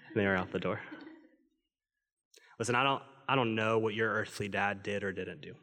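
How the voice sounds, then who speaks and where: A pastor delivering a Christmas-season sermon as earnest, conversational storytelling, recorded in a church. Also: male voice, on the low side, a bit bright. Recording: long reverb of a large hall.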